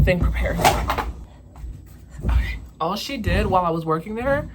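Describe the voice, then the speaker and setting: A woman's voice: on the low side, expressive, normal speed, heavy background noise. A young woman vlogger telling a story in casual chat, venting candidly and swearing freely.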